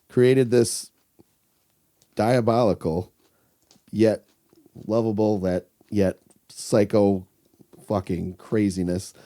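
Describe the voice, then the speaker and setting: Man, very dark mellow voice, enthusiastic podcast co-host, casual swearing. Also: lowish voice. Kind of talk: casual movie recommendation chat.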